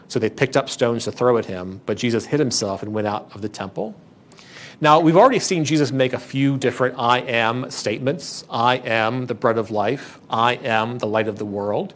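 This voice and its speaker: Addressing his congregation in a church, a pastor delivers a sermon earnestly and emphatically, pressing his points hard and often circling back to restart a phrase. He speaks at a normal speed in an ordinary middle pitch.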